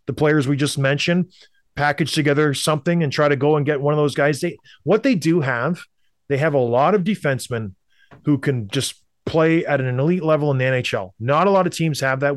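A man's voice: a little high, no echo, clean studio sound. A man from Canada, a show co-host, giving blunt, emphatic opinions in sports talk and repeating points for effect. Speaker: hockey podcast co-host.

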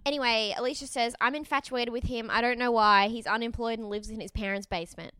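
A woman co-hosts a chatty podcast, recapping a reality show and slipping into voices for the quotes. Her voice is bright and crisp, a little high, and recorded dry and close. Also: fairly even intonation, fast talker, dry recording. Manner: giggly, acts out quotes in voices. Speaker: podcast co-host.

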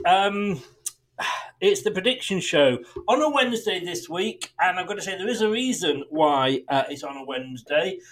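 Chatty high-voiced male podcast host. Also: a bit bright. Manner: chatty, laughs often, self-mocking. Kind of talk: casual chat.

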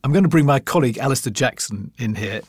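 A man hosting and narrating a documentary podcast in a measured storytelling manner. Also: mid-range voice, expressive, husky, no room sound, studio quality. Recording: narration with faint music underneath. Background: faint music.

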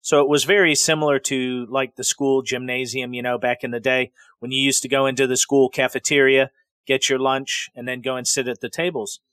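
A man's voice: mid-range voice, little pitch movement, fairly quick, fairly bright tone, smooth, no echo. Man, middle-aged, from the Pacific Northwest, podcast host, rambling storyteller, mid-range voice, dry sound. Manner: rambling, digressive, conversational. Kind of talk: casual spoken storytelling.

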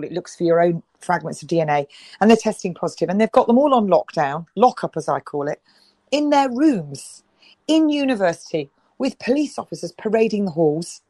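A woman's voice: lowish voice, warm tone, no echo, low-quality recording. A middle-aged woman talking as an interview guest, emphatic and repeating herself as she restarts her sentences. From United Kingdom. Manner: emphatic, many restarts and repetitions. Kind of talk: impassioned interview talk.

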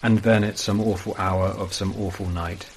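Low flat-voiced man narrating horror. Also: normal speed, slightly rough, rough recording. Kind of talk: scripted first-person horror narration.

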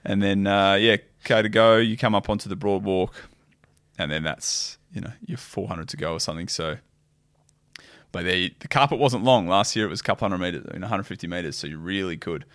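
Deep-voiced man, dry sound. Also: a little fast, no echo. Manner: relaxed, explanatory. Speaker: podcast guest, triathlete. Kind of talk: casual chat.

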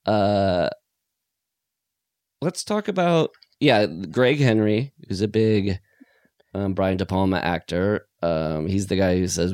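A man with a lowish voice co-hosts a podcast in easygoing chat. He gets animated and laughs a lot as he talks. His voice is recorded close and dry, with no room sound. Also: slow, clear, resonant tone, dry recording. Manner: animated, laughing, acting out lines in put-on voices. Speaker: podcast co-host. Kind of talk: casual chat.

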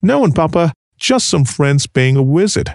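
A man's voice: on the high side, big pitch swings, moderate pace, vocal fry, a little mellow, dry recording, clean studio sound, voice pushed up. Defiant teenage girl, voiced by a male narrator. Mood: guarded.

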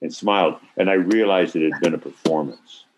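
An older man on a video call telling an animated anecdote, acting out quotes with swearing and sudden loud bursts. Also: low voice, a little fast, a little hiss or hum. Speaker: actor interview guest. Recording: slightly muffled video-call audio.

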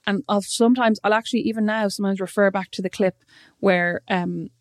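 A woman's voice: mid-range voice, fairly even intonation, no echo. A young pregnant woman, teasing and telling stories in casual podcast chat. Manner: teasing, storytelling with quick quoted voices.

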